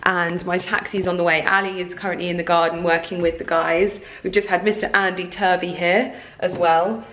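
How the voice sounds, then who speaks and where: A woman's voice: lowish voice, moderate pace. Bubbly woman unboxing at home. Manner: gushing, bubbly, excitable. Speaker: lifestyle vlogger. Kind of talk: casual unboxing vlog. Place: home, indoors. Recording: roomy home recording.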